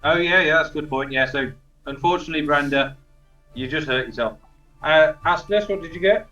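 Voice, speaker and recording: A man's voice: fairly high pitch, brisk, pushed and bright, faint music behind. Man running a tabletop game. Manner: chatty, swears freely, loose rambling narration. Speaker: dungeon master. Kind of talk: narrating a tabletop game, casual. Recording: distant roomy lo-fi recording.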